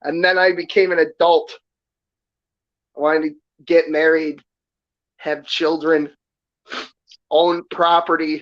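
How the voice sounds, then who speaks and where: A man's voice: on the high side, little pitch movement, slow, pauses often. Profane, sarcastic man from New York. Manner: defensive, profane, sarcastic rant. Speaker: stream guest. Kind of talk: heated casual chat. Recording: dull lo-fi stream audio.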